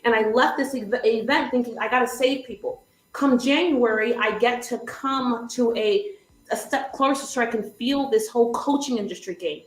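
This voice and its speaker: Animated high-voiced woman coach. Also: moderate pace, roomy sound, low-quality recording. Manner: animated, laughing often, vivid storytelling. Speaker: business coach, show host. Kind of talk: livestream storytelling.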